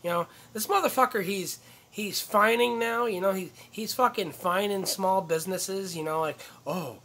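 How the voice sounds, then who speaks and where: A man rants to a phone camera, swearing hard and rambling between heated outbursts. His voice sits a bit high and sounds bright and tense. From upstate New York. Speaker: comedian. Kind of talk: profane ranting monologue. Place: in or near a truck.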